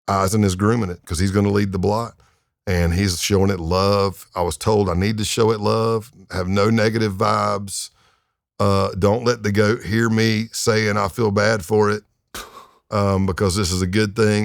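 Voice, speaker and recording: This retired undercover agent, a man in his fifties, has a creaky voice on the low side, captured at studio quality without any room sound. As a podcast guest he recounts his story in a relaxed, lively way, full of fillers and performing the voices he quotes.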